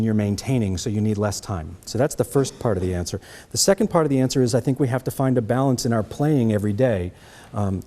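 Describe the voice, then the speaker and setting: A middle-aged man with a Boston accent gives a trumpet master class, answering students' questions and checking in with "okay?". His voice is medium in pitch and mellow.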